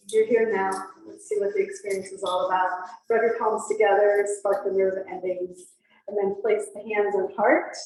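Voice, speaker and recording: A woman teaches a beginner yoga workshop in a loose, chatty way, full of fillers and little laughs. Her voice sounds distant from the mic and rings with heavy room echo, and her pitch sits in a middle range. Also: darkish tone.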